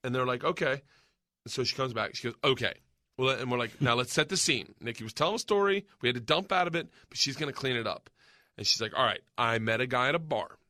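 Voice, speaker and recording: A man in his forties hosting a casual comedy podcast, an animated storyteller who shouts and laughs at punchlines. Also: mid-range voice, fast, no echo, clean studio sound. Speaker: podcast host.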